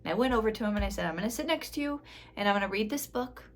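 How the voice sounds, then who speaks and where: A woman in her thirties records a casual motivational vlog as a spiritual life coach. She talks in an emphatic, dramatic way and often laughs at herself. Her voice sits at an ordinary pitch for a woman. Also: expressive, racing, a little hiss or hum.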